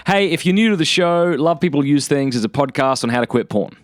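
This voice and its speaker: A man's voice: on the high side, lively intonation, fairly quick, no echo, studio quality. A man in his thirties with an Australian accent, hosting a casual solo podcast and thinking aloud with frequent ums and restarts. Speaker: podcast host.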